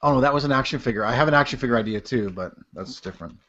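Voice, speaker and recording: A man's voice: medium pitch, very fast, fairly bright tone, dull audio. A man co-hosting a podcast from his basement bar, easygoing and jokey. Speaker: podcast co-host. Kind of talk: casual chat.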